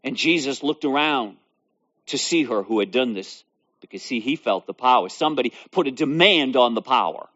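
Lively-pitched man preaching a sermon. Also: normal speed. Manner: reads scripture then expounds with repetition and rising emphasis. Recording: dull lo-fi recording.

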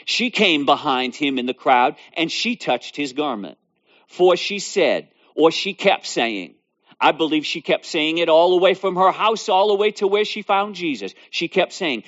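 A man's voice: fairly high pitch, animated, unhurried, fairly bright tone. A man preaching a sermon, reading scripture aloud and expounding on it, repeating phrases with building emphasis. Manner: reads scripture then expounds with repetition and rising emphasis. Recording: dull lo-fi recording.

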